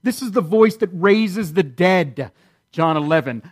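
A man preaching a sermon in an earnest, emphatic way, repeating key phrases and slowing down to stress key lines. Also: high-pitched, animated. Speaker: pastor.

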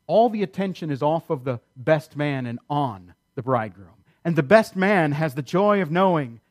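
A man preaching a sermon in an earnest, emphatic way, repeating key phrases and slowing down to stress key lines. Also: on the high side, lively intonation. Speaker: pastor.

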